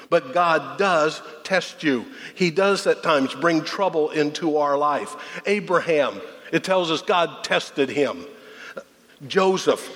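A man's voice: fairly high pitch, fairly bright tone. A man pastor delivering a folksy, conversational sermon, full of rhetorical questions to the congregation. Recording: long reverb of a large hall.

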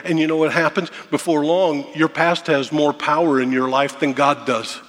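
A man's voice: on the high side, fairly quick, few pauses. A man preaching a sermon as a pastor, asking rhetorical questions, repeating key words and acting out the worries of his listeners. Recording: long hall reverb.

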